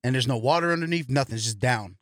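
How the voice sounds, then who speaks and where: Quick, emphatic man talking slang. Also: mid-range voice, lively intonation, no room sound, studio quality. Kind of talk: casual chat.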